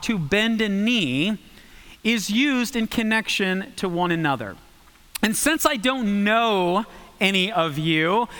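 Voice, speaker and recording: High bright-voiced male preacher. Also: clear, resonant tone, long reverb tail. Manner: animated, varies pace for emphasis. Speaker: guest preacher. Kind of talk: sermon with scripture reading. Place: church sanctuary.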